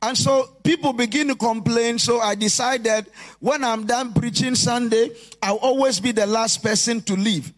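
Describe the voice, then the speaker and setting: A man preaching a sermon as pastor, impassioned and often shouting in a sing-song preaching cadence. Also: very high-pitched, moderate pace. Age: adult.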